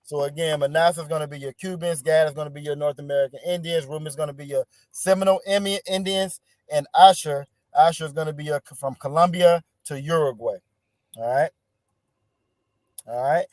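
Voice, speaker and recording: A man's voice: on the high side, fairly even intonation, fairly quick, a little mellow, dry recording, studio quality. A man teaching an online class over a video call, encouraging his students and often repeating words.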